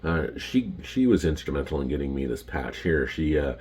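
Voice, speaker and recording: Deep husky canadian guy, middle-aged, rambling about old flying days with lots of ums. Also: lively intonation, moderate pace, a little mellow. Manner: rambling, many ums and restarts. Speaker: retired pilot showing his patches. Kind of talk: casual storytelling to camera.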